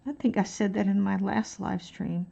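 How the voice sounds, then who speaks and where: A woman's voice: mid-range voice, steady tone, normal speed, vocal fry, mellow, muffled recording. A woman chatting casually on an art live stream, rambling and thinking aloud as she colors. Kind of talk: casual chat while coloring.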